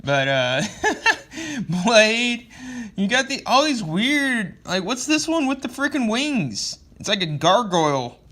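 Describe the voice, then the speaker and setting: A man with a fairly high, bright, forceful voice talks through a comic issue in a loose, rambling way. His tone is sarcastic, and he swears freely. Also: sing-song, takes it slowly. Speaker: comic book reviewer. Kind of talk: casual spoken review.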